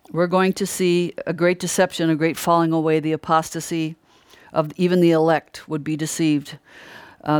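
Smooth-voiced earnest preacher. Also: mid-range voice, no room sound, studio quality. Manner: earnest and emphatic, repeating key phrases; restarts and trails off mid-sentence. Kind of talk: sermon-style Bible teaching.

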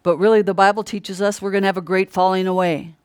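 Smooth-voiced earnest preacher. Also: medium pitch, flat delivery, fast talker, no room sound, studio quality. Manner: earnest and emphatic, repeating key phrases; restarts and trails off mid-sentence. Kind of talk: sermon-style Bible teaching.

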